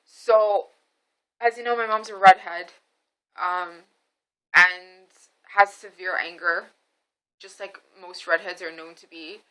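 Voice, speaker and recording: A young adult woman vlogger telling a story to camera in a casual way, lively and swearing freely. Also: lowish voice, takes it slowly, pauses often, low-quality recording.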